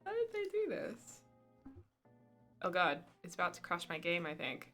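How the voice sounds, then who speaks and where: A woman's voice: on the low side, huge pitch swings, normal speed, bright, forceful tone, soft background music. A woman streaming a game, chatting casually and often breaking into giggles. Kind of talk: casual live-stream chat while gaming.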